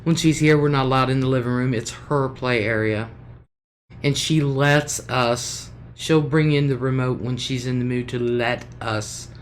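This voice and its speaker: A woman's voice: extremely low pitch, fairly even intonation, a little slow, a little hiss or hum. A middle-aged woman hosting a casual livestream, chatty and homey, greeting viewers by name and laughing often. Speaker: livestream host.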